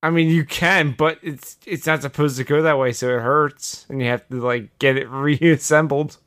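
A man's voice: on the high side, fairly even intonation, normal speed, a bit bright. A man hosting a comedy podcast who explains the rules and often sounds exasperated while laughing along. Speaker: podcast host. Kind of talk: casual comedy chat.

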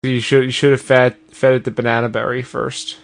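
A man's voice: mid-range voice, level tone, fairly quick, creaky. Teasing podcast co-host man. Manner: teasing, dry quips. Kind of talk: comedic podcast banter.

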